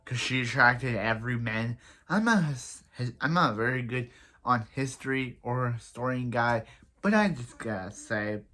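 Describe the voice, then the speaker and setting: A man's voice: mid-range voice, bright, forceful tone. A young man giving a casual, rambling recap of a TV episode, often stumbling and restarting his sentences. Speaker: show reviewer.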